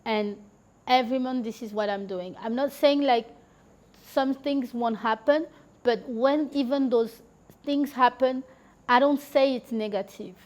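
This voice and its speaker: A woman talking as a podcast guest in a loose, chatty way. Her voice sits a little high, and her talk is full of "like" and "you know". She laughs now and then as she tells her stories. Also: measured pace, darkish tone. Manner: chatty, heavy use of filler "like" and "you know"; laughs while telling stories. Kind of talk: casual conversational storytelling.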